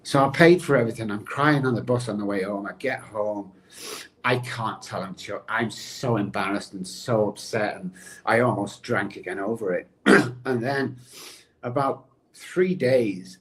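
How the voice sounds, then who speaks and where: Man telling his recovery story. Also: lowish voice. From England. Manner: animated, personal storytelling, addresses the host by name. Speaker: guest, addiction recovery expert. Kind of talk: podcast interview storytelling.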